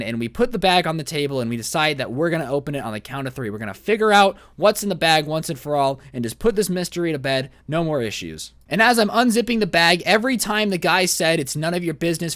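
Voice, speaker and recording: A young man telling a story for a vlog in a joking, animated way, acting out the dialogue. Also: a little high, no room sound, studio quality.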